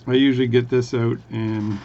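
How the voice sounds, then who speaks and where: A man's voice: mid-range voice, flat delivery, moderate pace, dark tone, lo-fi sound, slight background noise. A man chatting casually and rambling with jokes while he works on a watch. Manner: rambling, self-interrupting, jokey. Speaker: watchmaker vlogger. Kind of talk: casual workbench talk.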